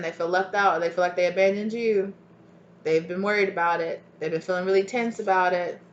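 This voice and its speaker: A woman's voice: on the low side, roomy sound, dull audio. A woman giving a casual tarot reading, chatty and loose, often trailing off and restarting her thoughts. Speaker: tarot reader.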